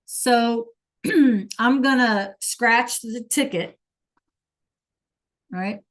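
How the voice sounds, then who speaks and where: A woman's voice: a little high, drawn-out words. A woman teaching an online Spanish class over a video call, encouraging students to answer in the chat.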